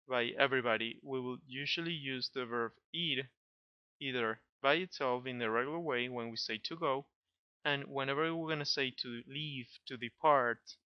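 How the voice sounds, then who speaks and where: Man teaching a grammar lesson, smooth voice. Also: medium pitch, no echo, lo-fi sound. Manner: patient, checks understanding with frequent "okay?". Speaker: Spanish teacher.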